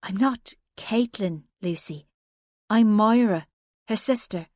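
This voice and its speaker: A woman voicing a nervous young woman who speaks in a hushed, urgent whisper with a soft lilt. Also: mid-range voice, takes it slowly, no echo, studio quality, pitched above the performer's own voice. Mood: anxious. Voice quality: soft lilting accent.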